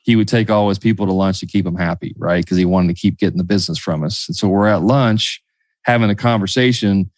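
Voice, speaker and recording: Deep-voiced man hosting a podcast. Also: fast talker, no echo. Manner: dry, joking, tells stories. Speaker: podcast host. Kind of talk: casual podcast conversation.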